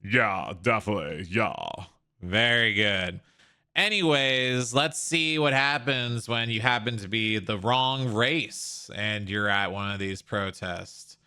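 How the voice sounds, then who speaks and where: A man riffs sarcastically over clips in a casual streamer style. His voice is bright and forward, his remarks mocking. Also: lowish voice, lively intonation, takes it slowly, clean tone. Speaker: streamer host. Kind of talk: casual reaction commentary.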